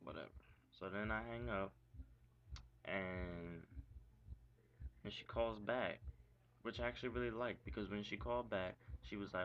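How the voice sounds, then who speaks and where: Gravelly young man venting, lo-fi. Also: fairly low pitch, fairly even intonation, normal speed, long pauses. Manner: rambling, profane, frustrated. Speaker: vlogger. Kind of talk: casual venting monologue. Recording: dull lo-fi recording with faint hiss.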